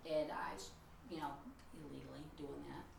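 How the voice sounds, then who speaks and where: Chatty woman tour guide with a low, gravelly voice, telling ghost stories, recorded from a distance in an echoey room. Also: normal speed, background noise. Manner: chatty, animated storytelling with quoted voices. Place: old house, indoors.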